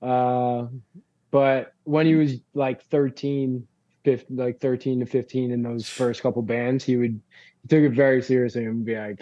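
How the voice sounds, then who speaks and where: A man's voice: medium pitch, level tone, normal speed, mellow, dull audio. A man from Long Island, a band frontman as a guest, telling rambling stories in a casual chat, full of fillers and swearing. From Long Island, New York. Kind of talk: casual podcast conversation.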